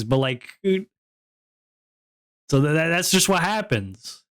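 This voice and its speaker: A man's voice: fairly high pitch, lively intonation, measured pace, pauses often, a bit bright, clear, resonant tone. A young man chatting casually on his stream, rambling and self-deprecating with lots of fillers.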